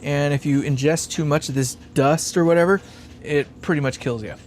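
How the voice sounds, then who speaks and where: A man's voice: a little high, normal speed, slight background noise. A man hosting a casual livestream while building a guitar amp, rambling, laughing often and swearing freely.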